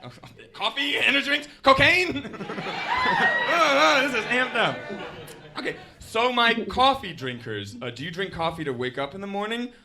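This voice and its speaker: A man performing a stand-up set, working the crowd with lively energy and laughing through his lines. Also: sits high, moderate pace, a little hiss or hum. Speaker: stand-up comedian.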